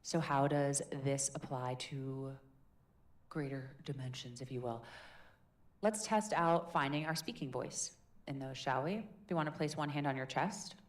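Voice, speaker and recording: A woman's voice: rumbling low, measured pace. A woman leading a live public speaking workshop in a chatty, demonstrative, encouraging way. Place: meetup room in a tech hub.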